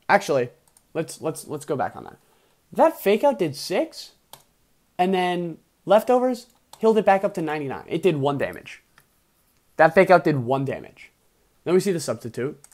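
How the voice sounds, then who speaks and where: A young man, the host, giving casual game commentary, excitable and swinging from mumbling to loud outbursts. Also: a little high. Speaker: video host and league player.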